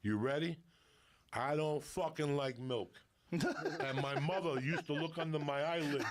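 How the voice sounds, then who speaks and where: A man's voice: fairly high pitch, a little slow, slight background noise. A middle-aged man with a Cuban family background, telling a profane, comic story and acting out his relatives as a podcast guest. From Cuban family in New Jersey. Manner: swears constantly, acts out family members mid-story.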